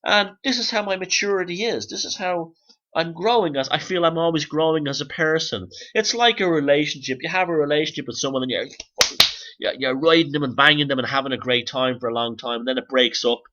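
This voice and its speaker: A man rambling through a profane, low-key monologue as a podcast host. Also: brisk, sharp tone, lo-fi sound.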